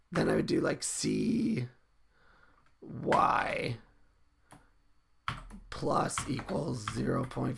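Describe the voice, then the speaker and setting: There's a little hiss or hum behind this man's medium-pitched voice, which carries vocal fry. Casually coding on a live stream to teach game development, he chats in a relaxed way with viewers, thinks aloud, and corrects himself mid-sentence as keys click and clatter.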